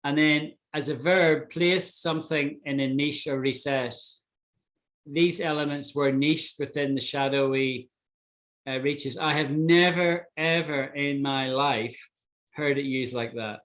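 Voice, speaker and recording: A man's voice: on the high side, steady tone, measured pace, a bit bright. A man teaching English vocabulary in an online class, explaining and checking in with students often. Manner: explains with many "right?" checks.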